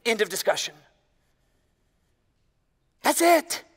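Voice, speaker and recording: High, bright-voiced preacher man. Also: slow pace, slightly rough, in a large hall. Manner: emphatic, animated preaching with frequent "man" and "y'all". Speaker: pastor. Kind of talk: sermon.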